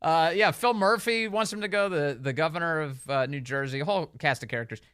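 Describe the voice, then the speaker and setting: A man's voice: a little high, fairly quick, fairly bright tone, clear, resonant tone, no echo. A man hosting a talk radio show, delivering opinionated commentary in a sarcastic, mocking way and laughing often.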